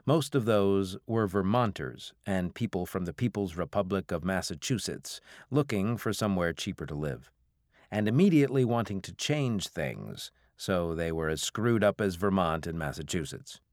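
A man reading a novel aloud as an audiobook narrator, in a measured, even way. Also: low voice, no echo, clean studio sound. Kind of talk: scripted narration.

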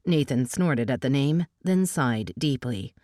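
A woman reading a novel aloud as an audiobook narrator, giving the dialogue a lift in pitch. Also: lively intonation, unhurried, mellow, dry recording, clean studio sound.

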